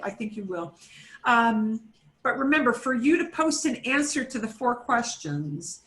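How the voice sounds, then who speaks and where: A woman with a fairly high, sharp voice teaches a beginner Spanish class over a video call. She's chatty and repetitive, using fillers and self-corrections as she switches between English and Spanish.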